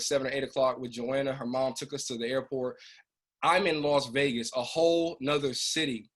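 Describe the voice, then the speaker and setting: A business group trainer speaks in a mid-range voice on a video call. He tells an emotional story from his own life, keeping it casual and animated.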